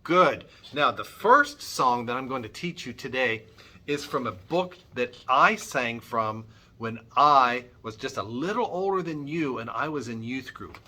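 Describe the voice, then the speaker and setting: Animated man teaching kids music. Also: mid-range voice, a little slow. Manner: upbeat, coaxing, sings and models sounds. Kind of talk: children's music lesson.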